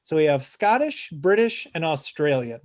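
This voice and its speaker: A man's voice: a little high, very animated, normal speed. Upbeat improv host man. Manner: upbeat, laughing often. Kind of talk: hosting live improv.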